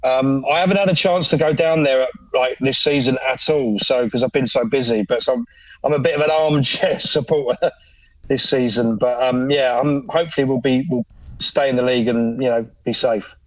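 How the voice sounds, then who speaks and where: A man's voice: mid-range voice, moderate pace, dry recording, lo-fi sound. A middle-aged man, chatting as an actor guest on a podcast, self-deprecating and laughing often. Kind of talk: casual chat.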